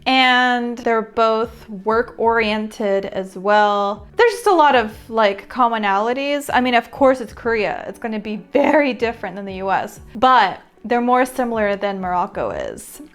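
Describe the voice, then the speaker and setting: A woman's voice: on the high side, expressive, measured pace, hardly any pauses. Chatty young Southern American woman. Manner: chatty, laughs often, lots of "like". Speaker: vlogger. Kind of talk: casual storytelling to camera.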